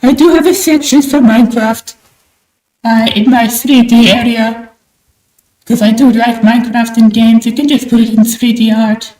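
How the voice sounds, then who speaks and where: A young woman from Australia chats with her livestream as she draws, keeping up a high, theatrical bird-persona voice. Her throat sounds sore and strained from pushing it. The desk mic is turned up loud in a small room at home that gives her voice a roomy echo. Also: fairly even intonation, normal speed. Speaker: streamer. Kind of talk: livestream chat while drawing. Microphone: desk mic with high gain.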